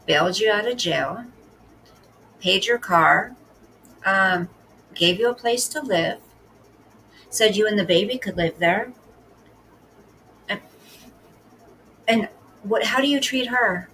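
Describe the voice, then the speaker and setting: Slow, gravelly scolding woman. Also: medium pitch, fairly bright tone, a little hiss or hum, low-quality recording. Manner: blunt, scolding, sarcastic. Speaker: commentary host. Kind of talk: casual reaction commentary.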